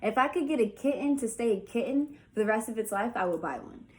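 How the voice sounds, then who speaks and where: A woman's voice: on the high side, lively intonation, fast. A young woman answering viewer questions in a casual vlog, chatty and candid, full of "like.". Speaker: vlogger. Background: faint music early on.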